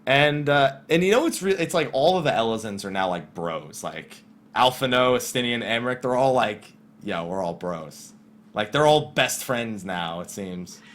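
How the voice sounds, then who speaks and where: A man's voice: medium pitch, animated, moderate pace, a bit bright. A man hosting a podcast, talking casually with swearing and mock-quoting characters as he goes. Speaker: podcast host.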